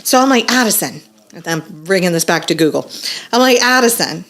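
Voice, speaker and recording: A middle-aged woman chats on a podcast in a fairly low voice. She tells stories with animation, acting out quotes and swearing freely. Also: lively intonation, fast. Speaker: podcast host. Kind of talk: casual podcast chat.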